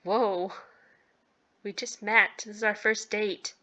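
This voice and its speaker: Role: gaming streamer. Style: casual commentary. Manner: giggly, animated. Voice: bright woman, slow pace. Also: medium pitch. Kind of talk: casual let's-play commentary.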